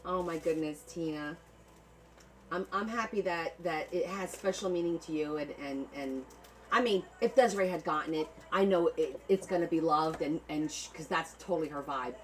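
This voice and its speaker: In a rough recording, a woman with a deep voice speaks fairly quickly while running a casual live auction of the journals she makes by hand. She chats affectionately with her viewers, thanking each by name and frequently repeating words.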